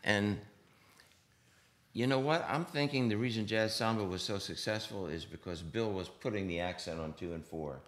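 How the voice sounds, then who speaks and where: Older male drummer, panel guest; low, chatty, animated, mouths beats and hisses out percussion. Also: normal speed. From United States. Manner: animated, sings rhythms aloud, hisses percussion sounds. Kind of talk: anecdotal storytelling on a panel. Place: stage panel before an audience.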